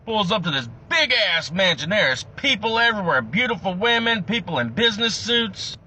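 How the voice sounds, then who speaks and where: A man's voice: sits high, big pitch swings, pushed and bright. A man telling a long, crude joke in a casual storytelling way. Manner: profane, drawn-out storytelling. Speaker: joke teller.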